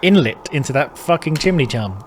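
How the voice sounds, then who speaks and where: A man's voice: a little high, big pitch swings, a little fast, slight background noise. A man hosting a casual let's-play, thinking aloud, muttering and swearing as he plays. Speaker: gaming channel host.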